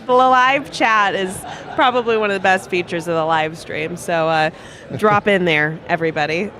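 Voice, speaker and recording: Bright, chatty female co-host. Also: on the low side, moderate pace. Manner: chatty and enthusiastic. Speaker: live-stream co-host. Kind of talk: casual live-stream banter.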